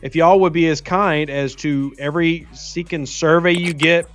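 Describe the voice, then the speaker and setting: A man's voice: on the high side, fairly even intonation, normal speed, a bit bright, no room sound. A man from Louisiana with a light Southern accent, hosting a casual gaming livestream and reading viewer comments aloud. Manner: chatty, reads viewer comments aloud, teasing. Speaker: livestream host.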